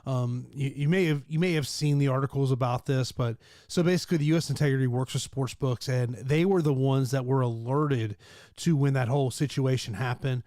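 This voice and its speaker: A man's voice: medium pitch, brisk, mellow, no echo, studio quality. A man hosting a casual fight betting talk show, speaking conversationally with many fillers. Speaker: host and MMA analyst. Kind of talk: casual sports betting chat.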